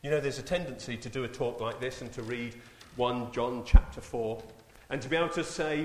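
A man's voice: mid-range voice, brisk, few pauses. A man preaching a sermon, telling a story, then rising to emphatic exclamations. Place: church hall. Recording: echoey church with long reverb.

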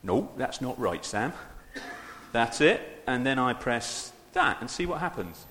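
A man's voice: mid-range voice, very animated, a little slow, a bit bright, a little hiss or hum. A man preaching an informal, humorous sermon into a microphone, chatty and self-deprecating, often turning to the congregation with asides. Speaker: preacher leading a church service. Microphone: handheld or stand microphone. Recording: echoey hall with long reverb.

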